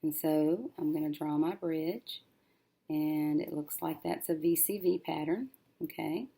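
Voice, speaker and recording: Woman, teacher, low gravelly voice, slow, sounding out syllables, working at a desk. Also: warm tone. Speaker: reading teacher. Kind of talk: recorded syllable-division lesson.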